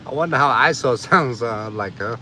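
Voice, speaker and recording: A man's voice: medium pitch, lively intonation, normal speed, pushed and bright, a little hiss or hum. A man chatting casually on a live stream, laid-back and drowsy, laughing often and swearing casually. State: drowsy after a nap. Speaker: livestreamer.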